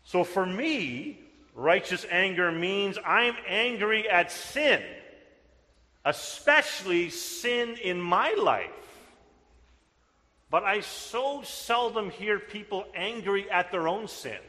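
A man's voice: high voice, expressive, takes it slowly, sharp tone, long reverb tail. A man preaching a sermon as pastor, earnest and answering his own rhetorical questions. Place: church sanctuary.

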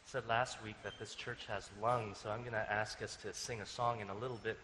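A man preaching in a church sanctuary, his voice trailing off into a long reverb. His delivery is relaxed and conversational, full of small fillers and restarts. A faint room hum sits beneath him. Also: fairly low pitch, fairly quick. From Canada. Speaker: pastor. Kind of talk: sermon with scripture reading.

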